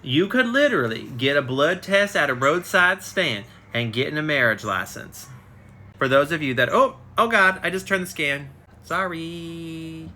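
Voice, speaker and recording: A man's voice: on the high side, expressive, measured pace, pushed and bright. A man reading a biography aloud on a casual live stream, stumbling and correcting himself as he goes. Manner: reads aloud with frequent slips and self-corrections. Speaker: reader. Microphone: phone on a live stream.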